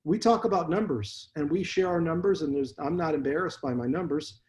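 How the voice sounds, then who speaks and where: Male dentist guest, blunt and animated storyteller, slightly high pitch. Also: brisk, a little hiss or hum. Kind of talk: casual interview storytelling.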